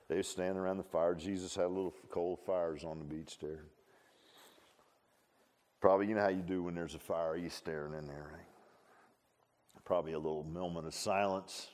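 A man's voice: a bass voice, a little mellow. A man preaching a sermon in a folksy, conversational way, full of rhetorical questions and asides.

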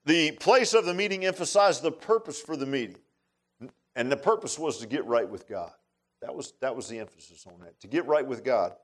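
A man's voice: medium pitch, lively intonation, fairly quick. A man preaching a sermon in a folksy, emphatic way, with many asides to the congregation. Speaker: pastor.

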